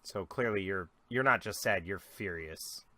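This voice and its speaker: A young man as dungeon master, narrating a tabletop game in a relaxed, loose way with plenty of fillers. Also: deep voice, unhurried, no room sound.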